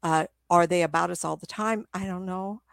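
A woman's voice: lowish voice, steady tone, normal speed, gravelly, dry recording. A middle-aged woman, a psychic medium, telling stories in a casual, rambling way, often laughing. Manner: rambling, laughs often, acts out quoted voices. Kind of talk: casual storytelling talk.

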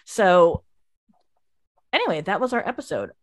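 A woman hosting a casual podcast, recapping a TV episode and acting out the characters' lines in an animated way. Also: mid-range voice, moderate pace, no echo, clean studio sound. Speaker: podcast host.

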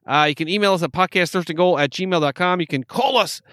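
A man's voice: high voice, fast talker, a bit bright, dry recording, studio quality. Jokey upstate New York man co-hosting. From New York State. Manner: jokey, laughs often, rambling restarts. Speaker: podcast co-host. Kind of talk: casual chat.

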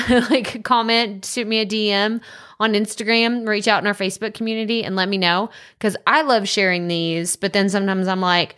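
A woman's voice: mid-range voice, animated, fairly quick, fairly bright tone. A woman hosting a solo podcast, chatty and upbeat, laughing often and using lots of fillers. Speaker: podcast host.

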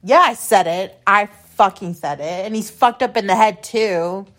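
At a moderate pace, a young woman in her adult years speaks in a mid-range, fairly bright voice. She hosts a podcast and recounts a personal story casually: rambling, profane, blunt, and repetitive.

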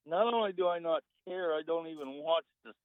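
A man's voice: on the high side, a little fast, no echo. A man calling in to a talk radio show, rambling and wry. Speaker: caller. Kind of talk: phone-in chat. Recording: tinny phone line.

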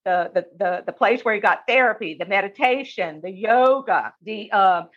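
A woman's voice: medium pitch, normal speed, fairly bright tone, dull audio. A woman giving earnest, preacherly commentary on a clip, repeating words as she thinks. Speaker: co-host of a Christian commentary show. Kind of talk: casual commentary.

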